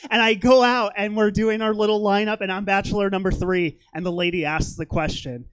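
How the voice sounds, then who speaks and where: A man's voice: high-pitched, fairly even intonation, a little fast, few pauses, a bit bright, smooth. A young man doing a stand-up comedy set on a theater stage, rambling and self-deprecating, with lots of fillers.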